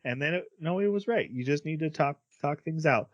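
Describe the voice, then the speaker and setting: A man with a fairly high voice co-hosts a casual podcast, heard in a dry, lo-fi recording. He rambles through a recap of an anime episode, briefly acting out the characters' lines in quick quotes.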